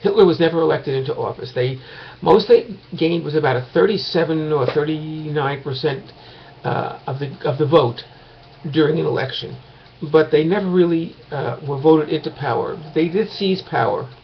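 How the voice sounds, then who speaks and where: A man's voice: on the high side, moderate pace, creaky, dull audio, slight background noise. Man giving a rambling recorded lecture. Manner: rambling, with many fillers and restarts. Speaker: teacher. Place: at home late at night.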